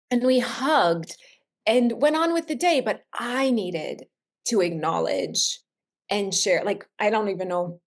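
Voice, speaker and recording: A wellness expert, a woman in her thirties, speaks earnestly and reflectively in a heartfelt conversation. Her voice sits in the mid-range, and she slows down on the phrases she wants to stress.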